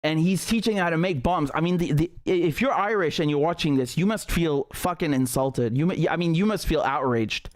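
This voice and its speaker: A man's voice: fairly high pitch, normal speed, few pauses. A man hosting a live stream, commenting on news footage in an indignant, emphatic way with frequent swearing. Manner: many fillers and restarts while ranting.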